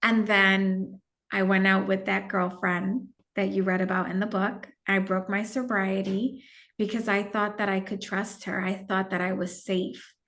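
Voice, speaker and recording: A woman's voice: medium pitch, little pitch movement, fairly bright tone. Candid woman telling a personal story. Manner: candid and reflective, with some halting restarts. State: gets emotional at times. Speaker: podcast guest.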